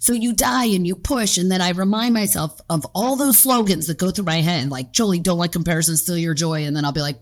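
Low-voiced woman near fifty, candid interview guest, lively and profane. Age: around 50. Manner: animated, acts out inner voices, swears freely. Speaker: guest, fitness coach and gym owner.

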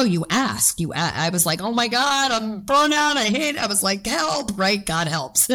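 Low-voiced woman near fifty, candid interview guest, lively and profane. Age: around 50. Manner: animated, acts out inner voices, swears freely. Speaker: guest, fitness coach and gym owner.

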